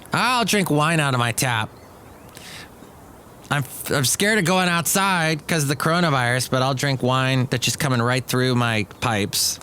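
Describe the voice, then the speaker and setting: A man's voice: medium pitch, bright, forceful tone, slight background noise. A man hosting his own daily podcast, rambling and joking through his complaints. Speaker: podcast host. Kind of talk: casual solo podcast monologue.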